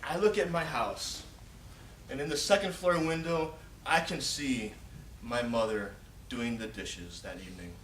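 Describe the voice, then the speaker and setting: A man's voice: medium pitch, a little slow. A man in his forties giving a humorous storytelling speech at a contest, acting out the scenes as he goes. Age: 40s. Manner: animated, acts out scenes and shouted pleas. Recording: echoey hall, distant mic, noisy.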